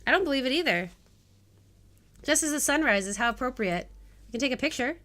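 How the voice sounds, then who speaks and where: Woman streamer, bright tone, slightly high voice, jokey and excitable live gameplay commentary. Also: a little fast. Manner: jokey and excitable, talking to chat. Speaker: game streamer.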